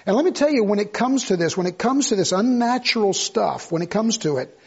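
A man's voice: high voice, lively intonation, normal speed, few pauses, a little mellow, breathy edge. An older man preaching a sermon in an emphatic, repetitive, conversational way that rises to outbursts. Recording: dull lo-fi recording.

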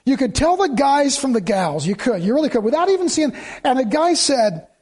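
A middle-aged male pastor with a notably high voice delivers a sermon. He is an animated storyteller who slips into the voices of the people he quotes and repeats his points for emphasis. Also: fairly quick, slightly rough.

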